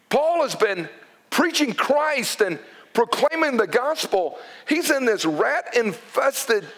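A man's voice: high-pitched, a bit bright. A middle-aged man preaching a sermon in a fervent, conversational way with emphatic outbursts. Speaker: pastor.

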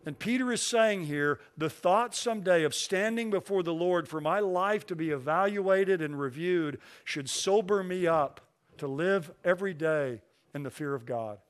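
A preacher delivering a sermon in a slightly high-pitched male voice. He reads scripture slowly, pressing hard on each key phrase, and explains it in a plain, conversational way. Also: clear, resonant tone. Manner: slows down and stresses key phrases when reading scripture. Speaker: pastor.

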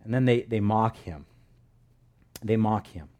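A male pastor preaching a sermon, emphatic, pushing up to loud stresses. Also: lowish voice, a little slow.

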